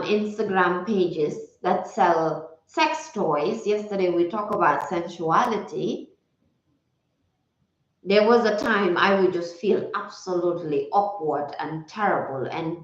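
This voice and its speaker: A woman wellness coach talks slowly and reflectively, circling back to repeat her key phrases. Her voice sits at a middle pitch. The recording sounds roomy and slightly dull. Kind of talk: casual motivational talk.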